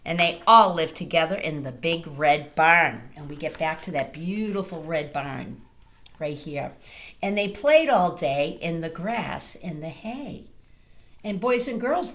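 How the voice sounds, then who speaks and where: Slow, lively storytime teacher woman. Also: mid-range voice. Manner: slow, sing-song and gently animated, addressing children directly. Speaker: teacher reading a picture book to children. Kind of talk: children's storytime read-aloud.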